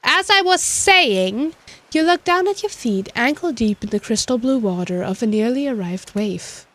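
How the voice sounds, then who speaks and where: A woman's voice: a little high, animated, moderate pace, a bit bright. A woman reading a dating game's text aloud as a teasing, well-spoken narrator voice in the player's head. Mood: eerie storytelling.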